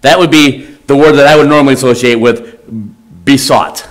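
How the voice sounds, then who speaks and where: Man, pastor, church sermon, conversational, halting restarts, mid pitch. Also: fairly even intonation. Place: church sanctuary.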